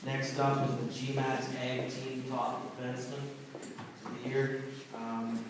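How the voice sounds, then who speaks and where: A man's voice: mid-range voice, flat delivery, a little slow. A man who is a hockey head coach, giving an unscripted awards banquet speech, rambling with fillers and restarts. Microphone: recorded from far off in the room. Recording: very echoey hall, distant mic, faint room noise.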